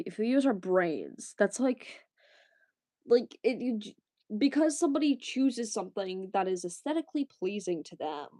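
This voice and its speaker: Woman streamer, unhurried rambling chat with her viewers, dry close sound. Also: medium pitch, dark tone, dry recording. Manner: rambling, laughing, answering chat. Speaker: livestreamer. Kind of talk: casual livestream chat.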